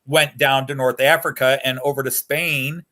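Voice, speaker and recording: A man's voice: mid-range voice, steady tone, normal speed, bright, forceful tone. A man talking casually and at length on a hobby chat show, rambling and getting worked up over history.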